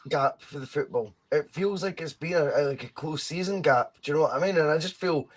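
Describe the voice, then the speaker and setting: A Scottish man co-hosting a casual football podcast, talking in an animated, rambling way and swearing freely. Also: fairly high pitch, fairly quick, a little hiss or hum. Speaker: podcast co-host.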